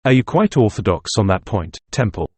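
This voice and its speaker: A man voices a suave student whose remarks are smooth and politely mocking, in an audiobook. His voice is low and slightly husky. The recording is close and dry. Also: sing-song, a little fast, darkish tone, dry recording, heavily acted.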